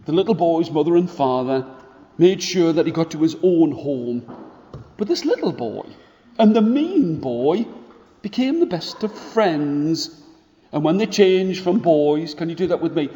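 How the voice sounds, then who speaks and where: A man storytelling to schoolchildren with a rather high voice and an unhurried pace, pausing to get them joining in. His voice carries a long reverb from a large school hall. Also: highs cut off. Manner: animated, drawing the children in to join the actions.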